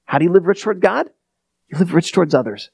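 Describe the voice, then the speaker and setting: A man's voice: high-pitched, expressive, fast talker, vocal fry, darkish tone, husky, no room sound. A male pastor preaching a conversational sermon and restarting with repeated words.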